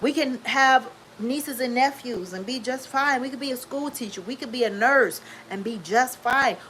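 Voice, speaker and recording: A woman's voice: high voice, pushed and bright, slight background noise, poor audio. A woman in her fifties talking candidly to her viewers, emphatic and preachy, repeating her points for emphasis. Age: 50s. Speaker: vlogger. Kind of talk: candid talk to camera.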